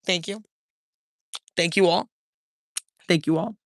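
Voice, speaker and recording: A man's voice: high voice, takes it slowly, fairly bright tone, no room sound, clean studio sound. A man hosting a live stream in a casual, slangy way, reading out viewer comments and thanking people one by one.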